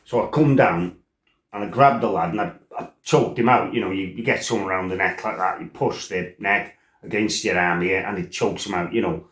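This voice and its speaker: Deep-voiced man swearing through a story. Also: fairly quick, fairly bright tone. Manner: blunt, salty, swears freely, rambling asides. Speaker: former fighter telling his life story. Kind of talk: casual storytelling monologue. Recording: roomy echo.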